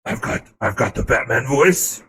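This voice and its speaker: Brief: deep, gruff, raspy hero growl from a man on a voice changer, lively swings. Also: moderate pace, heavily acted. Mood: boastful. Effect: voice changer software.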